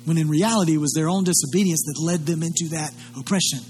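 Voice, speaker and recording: A man's voice: fairly high pitch, fast talker, a little mellow, faint music behind. A male pastor preaching a sermon in an earnest, conversational way. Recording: long hall reverb, faint hum.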